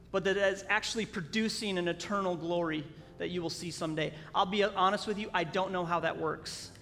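A man preaching a sermon as a pastor, telling a story earnestly with halting restarts, in a church sanctuary. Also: high-pitched, gravelly, a bit bright. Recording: long hall reverb, faint music.

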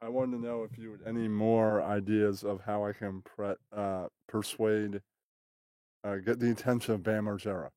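A man in a casual livestream chat who speaks haltingly, restarting his sentences. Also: fairly low pitch, flat delivery, mellow, clear, resonant tone, no room sound. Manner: halting, hesitant.

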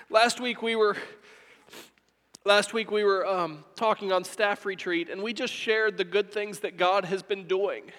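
A man's voice: high-pitched, fairly even intonation, measured pace, a bit bright, in a large hall. A male pastor giving a heartfelt sermon, speaking earnestly and repeating phrases for emphasis.

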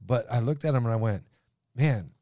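Easygoing mid-pitched podcast co-host. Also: male voice, moderate pace, mellow, no room sound, studio quality. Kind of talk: casual conversation.

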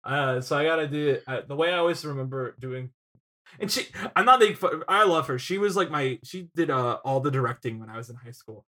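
A man's voice: medium pitch, lively intonation, a little fast, pushed and bright. A young man co-hosting a casual film podcast, telling rambling stories and laughing as he goes. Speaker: podcast co-host.

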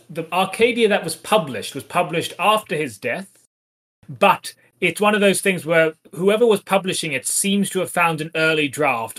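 Guy cohost explaining stuff, dry jokes, kinda high voice. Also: fairly bright tone. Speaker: podcast co-host. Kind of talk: casual chat about poetry.

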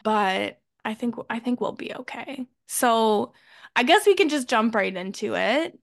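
A woman co-hosting a podcast, chatting casually and loudly as she recaps a TV episode and acts out the characters' lines. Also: on the high side, measured pace, creaky, no room sound, clean studio sound. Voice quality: loud. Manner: animated, acts out characters' lines when retelling. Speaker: podcast co-host.

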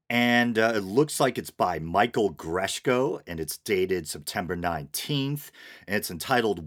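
Low-voiced sarcastic male podcast host. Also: fairly bright tone. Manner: sarcastic, wry. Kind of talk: casual solo podcast commentary.

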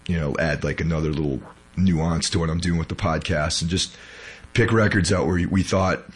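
Here a man hosting a podcast speaks low and steady at a moderate pace, with a breathy edge. He still sounds sick and weak as he rambles casually through lots of filler words.

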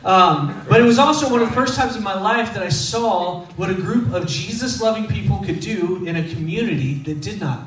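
A man's voice: high voice, fairly quick, few pauses, crowd noise. A man in his thirties from Texas, preaching in a casual, humorous, self-deprecating storytelling style. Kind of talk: conversational sermon storytelling. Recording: echoey room, distant mic.

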